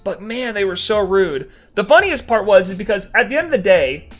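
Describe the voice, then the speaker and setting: A young man streaming live, chatting casually with viewers and telling an animated story with dry sarcasm. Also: sits high, brisk, soft background music.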